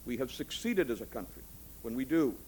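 A middle-aged man delivers a formal political speech in an even, mid-range voice. His phrasing is measured and rhetorical, stacking lists that climb to emphatic peaks. A faint hiss sits under the recording. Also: medium pitch, low-quality recording. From Canada.

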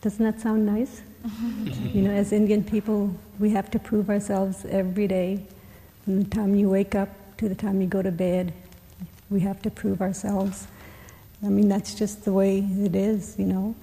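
A woman on a panel telling a personal story, asking rhetorical questions with a gentle humor. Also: medium pitch, level tone, unhurried. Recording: reverberant hall.

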